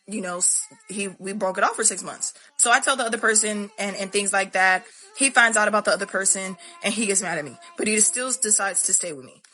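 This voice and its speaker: A woman's voice: medium pitch, bright, forceful tone. A young woman telling a candid, profane storytime monologue to her viewers. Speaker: vlogger.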